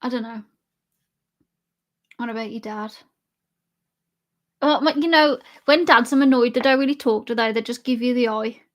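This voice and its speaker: A woman's voice: fairly high pitch, moderate pace, long pauses. A young woman live streamer chatting casually with her chat and laughing often while she drinks. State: drinking alcohol.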